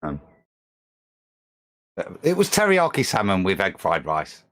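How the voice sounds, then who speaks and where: A man's voice: deep voice, huge pitch swings, unhurried, fairly bright tone. A man chatting casually on a live stream, talking in a detailed way that thinks aloud.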